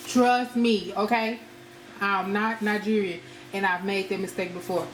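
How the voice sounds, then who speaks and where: A woman's voice: medium pitch, fairly even intonation, a little slow. An American woman chatting casually to her viewers as she cooks at home, often calling them y'all. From United States. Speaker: cooking vlogger. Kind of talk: casual cooking vlog. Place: home kitchen. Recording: echoey kitchen with background noise.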